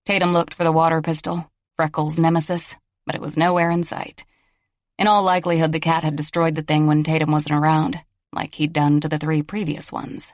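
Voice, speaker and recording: A man narrating a mystery thriller audiobook in a steady, even storytelling way. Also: a little high, brisk, no echo, dull audio. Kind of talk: scripted narration.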